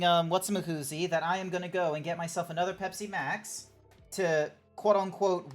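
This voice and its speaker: An Australian woman on Twitch reacts to her chat in loose, rambling bursts, swearing freely at whatever viewers type. Her voice is mid-pitched for a woman, and quiet music plays faintly behind her.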